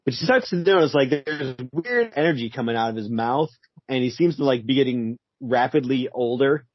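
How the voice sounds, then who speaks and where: A man's voice: mid-range voice, expressive, moderate pace, no echo. A man co-hosting a podcast, retelling a comic in an easygoing way, full of "like" and "uh". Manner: easygoing, filler-heavy, laughing often. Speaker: podcast co-host. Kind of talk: casual chat retelling a comic. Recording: dull, dry, lo-fi.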